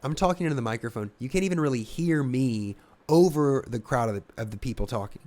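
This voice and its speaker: A man's voice: medium pitch, fast. A young adult man, a stand-up comedian, telling a casual, profane story on a podcast and acting out voices as he goes. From Ohio, US. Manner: animated, swearing, acts out voices in his anecdotes.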